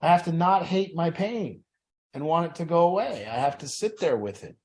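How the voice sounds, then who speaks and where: A man's voice: a little high, lively intonation, moderate pace, darkish tone. A man leading an addiction support group, talking in an earnest, plain-spoken way that repeats phrases for emphasis.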